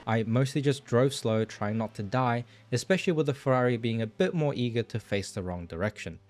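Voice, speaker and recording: A man's voice: medium pitch, brisk. A young man hosting a sim racing video, narrating his team's endurance race and joking with teammates over voice chat. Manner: lively, laughs often with teammates.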